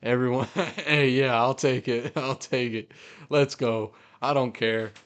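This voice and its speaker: Excitable man reacting live to football. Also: mid-range voice, unhurried. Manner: excitable, swears, cheers and groans at plays. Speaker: fan podcast host. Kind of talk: live game reaction commentary. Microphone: podcast mic.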